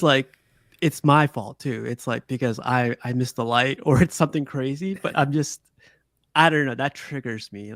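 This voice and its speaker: Guy with a gravelly voice rambling on a call with friends, laughs a lot, dry sound. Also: mid-range voice, no room sound. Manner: laughs often, rambling with many fillers. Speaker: podcast host. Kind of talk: casual group chat.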